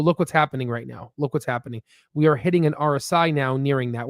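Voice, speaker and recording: A man with a somewhat raised voice talks casually over stock charts. He rambles, repeats words, and leans on "you know" and "right?" as he pushes his viewers. The sound is dry, with no room echo. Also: a little high. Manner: pushy motivational tone. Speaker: stock market YouTuber. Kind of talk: casual stock analysis commentary.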